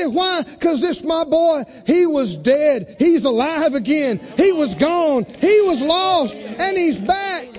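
Casting: emphatic man preaching, very high voice, echoing hall. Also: animated, takes it slowly, few pauses. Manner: emphatic, call-and-response, dramatic swings in pitch and volume. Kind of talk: sermon. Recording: dull recording with long hall reverb.

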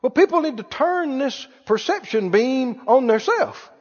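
The pastor speaks in a very high, expressive voice at an unhurried pace. His emphatic sermon to a live church congregation repeats key phrases and asks if they hear him, captured as dull, lo-fi sound in an echoey hall.

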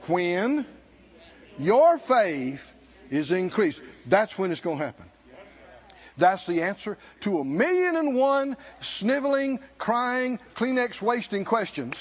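A man preaching a sermon at a conference, emphatic and sometimes shouting, calling out to the congregation, in a dull lo-fi recording. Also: sits high, lively intonation, takes it slowly. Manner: emphatic, shouting at peaks, laughing, call-and-response.

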